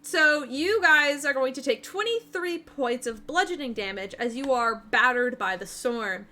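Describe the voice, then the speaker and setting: A woman running a tabletop game over a voice call, her voice high and bright. She narrates scenes in a loose, descriptive way with fillers and restarts along the way. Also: animated, unhurried. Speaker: game master. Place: home, online voice call.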